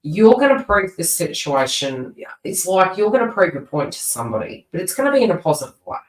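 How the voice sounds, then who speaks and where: A woman's voice: lowish voice, sing-song, fairly quick, far from the mic. Chatty woman reading tarot live. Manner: chatty, rambling, with frequent asides and restarts. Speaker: tarot reader. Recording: roomy sound, voice away from the mic.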